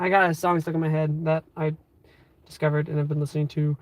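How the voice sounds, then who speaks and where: A man in his twenties hosts a casual live stream from his car, rambling upbeat with plenty of fillers and talking to viewers through a phone. His voice is a little high, with a flat delivery and quick pace, and there's no room sound.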